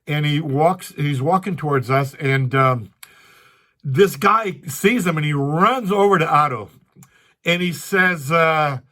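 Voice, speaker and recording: An older male stand-up comedian tells rambling stories from his career, full of restarts and asides. His voice is slightly high and slow, with a bright, forceful tone.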